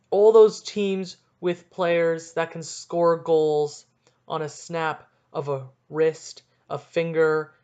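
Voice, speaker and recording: A young man hosting a solo sports podcast, ranting excitably and cutting himself off mid-sentence. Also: on the high side, clear, resonant tone, muffled recording. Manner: excitable, ranting, self-interrupting. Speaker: podcast host.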